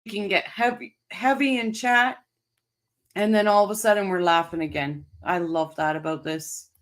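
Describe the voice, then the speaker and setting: A woman's voice: mid-range voice, steady tone, moderate pace. A woman hosting a casual livestream, laughing and chatting with viewers in the chat. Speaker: livestream host reading chat.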